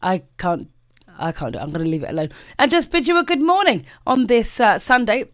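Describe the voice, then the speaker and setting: A woman's voice: on the high side, big pitch swings, a little fast, dry recording, studio quality. A woman presenting on the radio, chatting casually between tracks, self-mocking and trailing off with fillers.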